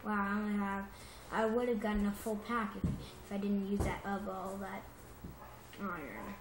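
A woman giving rambling, casual commentary on her gameplay, chatty and excitable and often correcting herself, recorded on a phone. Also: medium pitch, normal speed, noisy background. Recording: roomy echo with music behind.

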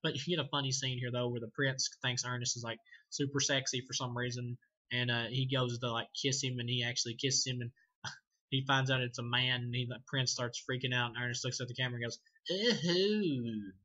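A man's voice: medium pitch, flat delivery, fast talker, pushed and bright, muffled recording. A man casually reviewing a movie, rambling, swearing and laughing often as he talks. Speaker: film reviewer.

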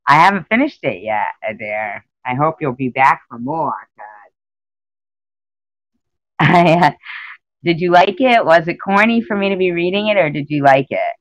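A woman's voice: deep voice, animated, normal speed, no room sound, rough recording. A woman chatting casually on a live stream, rambling and emotional as she greets her viewers by name.

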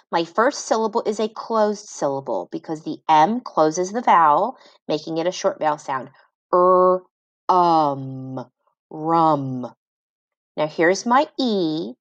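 Woman reading teacher, slow careful phonics lesson, sounds out word parts, lowish voice, dry close sound. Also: dry recording.

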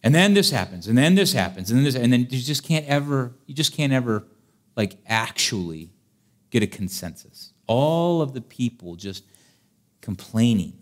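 A male preacher giving a sermon. His voice has a mid pitch and swings up and down a great deal. He is animated and humorous, and he acts out the stories he tells. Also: normal speed. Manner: animated and humorous, dramatizes scripture.

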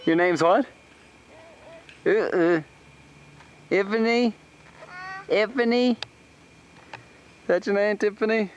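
A man's voice: high-pitched, takes it slowly, pauses often, dull audio. A man filming his family with a handheld camcorder at an outdoor campground, chatting playfully and teasing the kids. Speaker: home video camera operator. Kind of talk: casual home video narration. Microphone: handheld camcorder mic. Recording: noisy outdoor camcorder audio with traffic.

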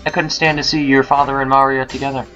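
A man doing a possessed ghost mother, slow and grave. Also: mid-range voice, level tone, pushed and bright, voice pushed up, close to an everyday voice. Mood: sorrowful. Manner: slow, menacing, solemn delivery. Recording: dull lo-fi with faint game music.

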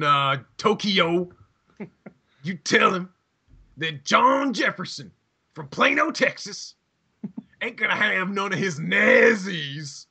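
A man's voice: high voice, creaky, bright, forceful tone, husky, voice pushed up, heavily acted. A man putting on the voice of a boastful, blustering Texan man in a comedy podcast bit.

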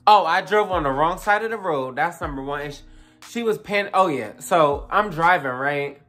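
A young adult vlogger telling a casual storytime, animated and profane, full of fillers and asides to the viewers. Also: medium pitch, normal speed, faint music behind.

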